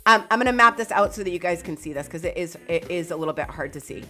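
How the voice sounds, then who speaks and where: An excitable, loud woman, hosting a live chart analysis stream and talking to viewers by name. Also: on the low side, quick pace, soft background music. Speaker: crypto market streamer.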